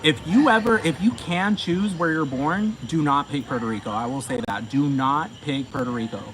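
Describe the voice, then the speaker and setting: A man's voice: medium pitch, moderate pace. A man ranting profanely and emphatically, repeating himself as he talks. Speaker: commentator. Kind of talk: ranting monologue. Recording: noisy with vehicle sounds behind.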